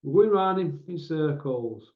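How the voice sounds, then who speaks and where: Animated but unhurried, a man with a slightly high voice hosts a casual boxing show, ranting with exasperation and appending tag questions to what he says. The recording has a dull, roomy, lo-fi quality.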